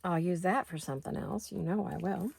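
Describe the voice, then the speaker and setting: A middle-aged woman with a slightly low, gravelly voice talks through her crafting in a relaxed, chatty way. She thinks aloud as she goes, questioning herself and then moving on. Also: fairly quick, slight background noise. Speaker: craft video host. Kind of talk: casual craft-along chat.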